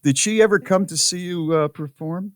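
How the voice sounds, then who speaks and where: A man co-hosting a podcast, asking the guest short questions and adding warm interjections. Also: high voice, normal speed, a little hiss or hum. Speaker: podcast co-host. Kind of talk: casual interview chat.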